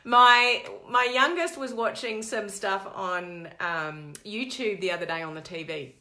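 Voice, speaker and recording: Bright-voiced woman coach chatting live. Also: medium pitch, unhurried. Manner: animated, digressive storytelling. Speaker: network marketing coach. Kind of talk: live-stream chat to viewers.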